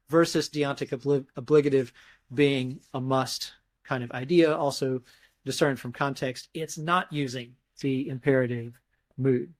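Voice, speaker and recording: A man being interviewed as a scholar, explaining grammar thoughtfully step by step, often restarting phrases and demonstrating emphasis with his voice. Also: medium pitch. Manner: mimics emphasis with his voice in examples. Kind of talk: academic explanation in conversation.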